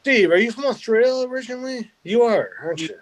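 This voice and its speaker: A man's voice: extremely high pitch, expressive, fast talker, a little hiss or hum. A man, a tattoo artist, bantering and joking with friends in a casual chat.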